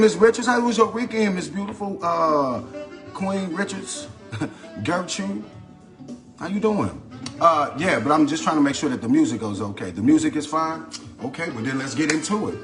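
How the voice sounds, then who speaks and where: A man hosting a casual cooking livestream, greeting viewers by name in a chatty, repetitive way. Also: on the high side. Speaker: cooking channel host. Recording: faint background music. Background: background music.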